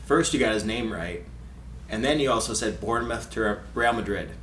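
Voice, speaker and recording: A man with a lowish voice banters playfully on a soccer podcast, asking questions and making jokes. He sounds a bit far from the mic in an echoey room, with faint noise underneath. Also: a little fast, fairly bright tone. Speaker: podcast co-host. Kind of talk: casual soccer chat.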